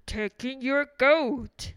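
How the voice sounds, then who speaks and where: A woman voicing a calm wise old man who speaks in short, matter-of-fact lines. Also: high voice, drawn-out words, clean tone, no room sound, heavily acted. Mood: calm, knowing.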